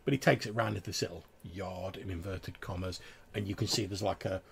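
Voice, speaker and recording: Fields: gravelly man, rambling game master. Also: low voice, steady tone, a little fast, slight background noise. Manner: rambling, filler-heavy description. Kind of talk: narrating a tabletop game.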